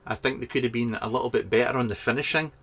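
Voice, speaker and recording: A man's voice: mid-range voice, fairly even intonation, rapid-fire, a bit bright. A Scottish man in a garden shed, talking casually into a webcam as he reads out viewer comments and jokes around, full of ums and restarts. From Scotland. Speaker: vaping product reviewer reading viewer comments. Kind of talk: casual live chat vlog.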